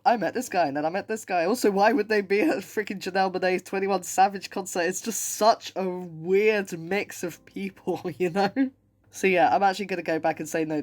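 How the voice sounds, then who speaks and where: A man hosting a casual reaction commentary, sarcastic and mocking, often laughing. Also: sits high. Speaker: commentary video host.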